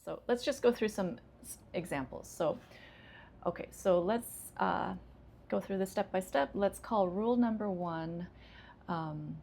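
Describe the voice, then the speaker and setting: A woman ESL teacher, calmly explaining English intonation with frequent fillers. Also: fairly low pitch, vocal fry, slight background noise. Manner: relaxed, explains slowly with many fillers.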